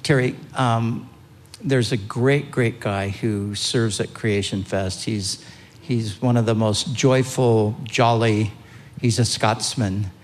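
A man's voice: on the low side, fairly even intonation, takes it slowly. A man conducting an interview, upbeat and encouraging. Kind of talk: interview questions. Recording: reverberant hall with faint crowd.

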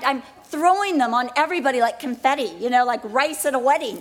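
Pastor's wife, fairly high voice, lively testimony. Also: female voice, fast talker, hardly any pauses. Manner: animated storytelling, acting out the scenes she tells. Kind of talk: dramatic personal testimony in a sermon.

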